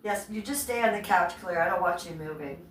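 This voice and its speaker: This woman's voice sits on the low side, and she speaks fairly quickly. She's hosting a casual livestream from home on a phone microphone, chatting with her viewers and her pets, and the audio sounds roomy and distant with faint noise.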